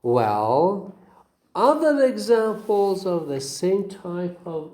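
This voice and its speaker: Male teacher, slow delivery, lively intonation, mellow tone. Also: high voice. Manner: slow, repeats words and asks "okay?". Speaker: English phonetics teacher. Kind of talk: recorded lecture.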